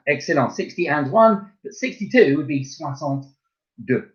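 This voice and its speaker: A man's voice: fairly high pitch, expressive, normal speed. A man teaching a French lesson to primary pupils, chatty and encouraging, spelling words out letter by letter. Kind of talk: recorded online lesson. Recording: slightly dull lo-fi recording.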